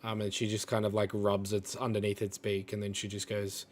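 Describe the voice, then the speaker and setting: A man's voice: fairly low pitch, monotone, fairly quick, few pauses, a little hiss or hum. A man narrating as dungeon master in a tabletop game, hesitant and full of fillers and restarts.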